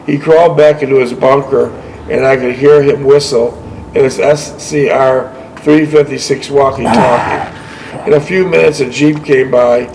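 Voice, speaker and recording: A man reading a veteran's war memoir on his show keeps faltering and correcting himself, with brief asides along the way. His medium-pitched voice is creaky and a little mellow, on a low-quality recording with a bit of hiss or hum.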